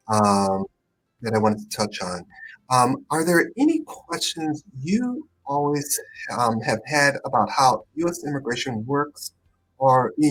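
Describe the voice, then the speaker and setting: A man hosting a live-stream conversation on immigration, speaking hesitantly with many pauses and fillers over a video call. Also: mid-range voice. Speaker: immigration attorney, host.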